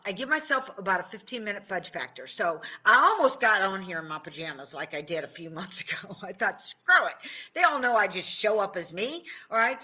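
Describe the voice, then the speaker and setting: A woman's voice: medium pitch, pushed and bright. A middle-aged woman from Indiana talking casually on a livestream as a tapping coach, chatty and joking, often cutting herself off mid-sentence. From Indiana, USA. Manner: chatty, joking, self-interrupting. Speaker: tapping and law of attraction coach.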